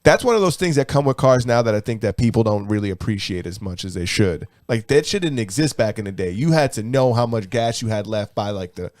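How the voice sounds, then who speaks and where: A man's voice: on the low side, expressive, brisk, few pauses, a little mellow, dry recording. A man with a mid-range voice talks easily and often laughs, pushing his point in a loose, swearing way. His voice sits close and dry on the mic. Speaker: podcast co-host. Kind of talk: casual chat.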